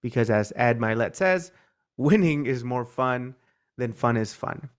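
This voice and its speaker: A man leads an online sales training with energy, his voice sitting at an ordinary middle pitch. He keeps slipping into short acted snippets of his calls to show how he talks to clients. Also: measured pace, clear, resonant tone. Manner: energetic, acts out sample sales dialogue. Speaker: sales coach.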